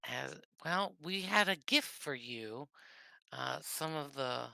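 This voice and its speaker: Slow, gravelly tabletop player, bright tone. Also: medium pitch, lively intonation, dry recording. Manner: hesitant, slow, fillers, laughs often. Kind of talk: tabletop role-play.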